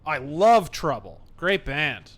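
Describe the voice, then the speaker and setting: A man streaming a baseball game, talking sarcastically and swearing, with sudden shouts. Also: on the high side, sing-song, slow. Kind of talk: profane live gameplay commentary.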